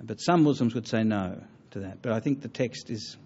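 A man giving a public talk on religion and taking audience questions, earnest and halting, with many fillers and restarts. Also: fairly low pitch, a little mellow, dull audio, slight background noise. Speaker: lecturer on religion.

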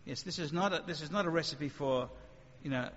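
Brief: man preaching to a live audience, animated and conversational, a fairly high voice, muffled hall recording with a long reverb tail. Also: a little fast. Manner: animated, conversational, sudden acted asides. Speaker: speaker. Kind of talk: evangelistic talk with questions.

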